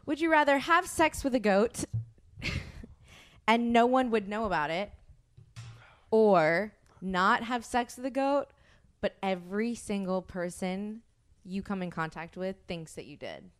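A woman's voice: medium pitch, lively intonation, measured pace, long pauses. A young woman hosting a podcast, chatting casually and giggling as she rambles through a story. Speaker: podcast host. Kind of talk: casual chat.

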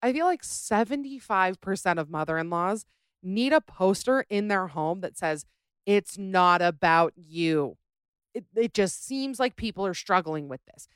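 A woman's voice: medium pitch, moderate pace, clean tone, no room sound, clean studio sound. A young adult woman hosting a podcast, chatting casually and ranting with sass about listener stories. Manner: sassy, animated, ranting. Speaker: podcast host.

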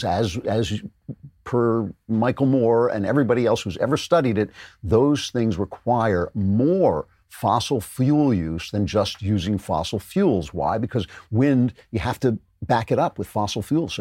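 A man's voice: lowish voice, dark tone, dry recording, clean studio sound. A man hosting a political commentary show, talking in a sardonic, emphatic way. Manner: sardonic, emphatic, reads ad copy with jokey flair. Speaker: host.

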